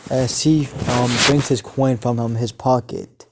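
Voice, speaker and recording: Halting man narrating a fan story. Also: medium pitch, flat delivery, background noise. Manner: halting, many filler sounds.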